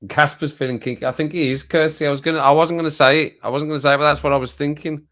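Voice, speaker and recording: A man's voice: fairly high pitch, steady tone, rapid-fire, a bit bright. Chatty man hosting a live stream. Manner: chatty, reads viewer comments aloud and laughs often. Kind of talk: casual live-stream chat.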